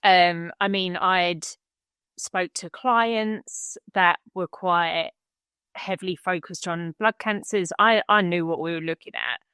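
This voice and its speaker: A woman's voice: on the low side, takes it slowly, sharp tone, smooth, no room sound, clean studio sound. Blunt, matter-of-fact woman guest. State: widowed, remarried. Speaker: podcast guest. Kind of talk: frank conversational podcast talk.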